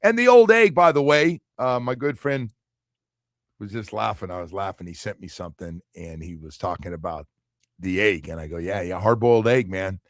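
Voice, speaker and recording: A middle-aged man hosting a sports talk radio show, chatting casually and telling animated stories with quoted asides. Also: normal speed, no room sound, clean studio sound. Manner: animated storyteller, drops into low quoted asides.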